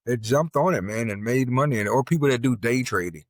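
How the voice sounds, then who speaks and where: A middle-aged man with an average-pitched voice chats on a podcast. He tells stories bluntly and swears a lot. The recording is dry and close. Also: brisk, no echo. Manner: blunt, profane, storytelling. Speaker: podcast co-host. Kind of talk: casual chat.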